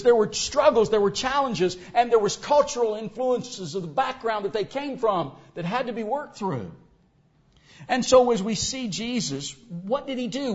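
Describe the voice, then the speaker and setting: Male preacher, animated sermon delivery, pitched high with big swings. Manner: animated, acts out quoted voices. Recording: dull lo-fi recording.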